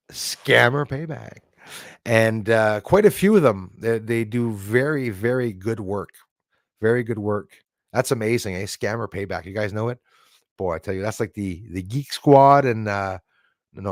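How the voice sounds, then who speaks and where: A man's voice: on the low side, no echo. Guy rambling on his livestream, chatty, dry close sound. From Canada. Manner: rambling, chatty, thanks viewers by name. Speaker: livestream host. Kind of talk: casual livestream chat.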